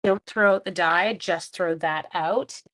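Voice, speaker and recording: A woman, hosting a casual livestream craft demo, chatty, giggly and quick to poke fun at herself. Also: lowish voice, fairly bright tone. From Canada. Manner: chatty, giggly and self-deprecating. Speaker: craft class host and schoolteacher.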